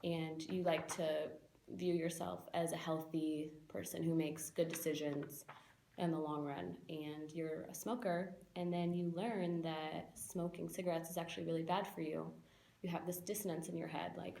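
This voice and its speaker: A woman's voice: sits low, steady tone, normal speed, vocal fry, dark tone, slight background noise. A young woman giving a casual spoken lesson, explaining ideas with everyday examples and fillers. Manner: casual, with fillers and quoted inner voices. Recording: echoey room.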